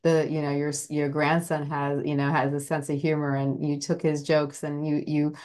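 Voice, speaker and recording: A woman with a low, slightly mellow voice hosts a podcast interview at a moderate pace and a level tone. She rambles earnestly and admiringly in this casual chat, packing her speech with "you know" fillers.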